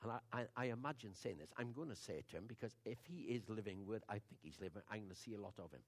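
An older man, preaching in a conversational, storytelling sermon that drops to hushed asides and rises to loud declarations. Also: lowish voice, animated, rapid-fire.

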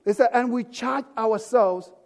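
A man's voice: extremely high pitch, unhurried, vocal fry, darkish tone. A man preaching a sermon as pastor, emphatic and calling out for amens from the congregation. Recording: echoey church hall.

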